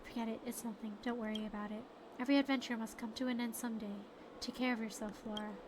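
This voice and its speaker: Woman reading as a reserved young assistant, hushed, restrained, high voice, noisy hiss. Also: steady tone, fast, natural voice.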